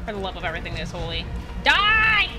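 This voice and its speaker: A young woman playing a video game and commenting on it, chatty and animated, jumping between high squeals and low mutters and cooing at the creatures on screen. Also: rapid-fire, loud music behind the voice. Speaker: gaming streamer. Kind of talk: let's play commentary.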